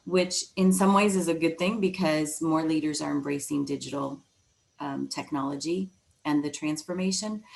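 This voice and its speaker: A woman with a low voice and a gravelly edge gives a leadership presentation over a video call. She talks in a loose, conversational way, often pausing on fillers and restarting phrases. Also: a little hiss or hum, poor audio. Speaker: webinar speaker on leadership. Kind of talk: presentation talk.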